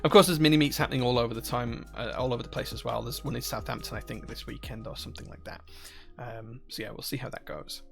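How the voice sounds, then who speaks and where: A livestream host from Northern Ireland chats casually with viewers and reads out their chat questions, rambling with frequent restarts and fillers. His mid-range voice is creaky and fast, with wildly swooping pitch and hardly any pauses. Soft music plays in the background.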